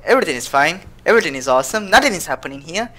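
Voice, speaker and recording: A woman's voice: low voice, big pitch swings, rapid-fire, a bit bright. A woman streaming a game live, chatting playfully, humming and reading the game's text aloud. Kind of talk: live let's-play commentary.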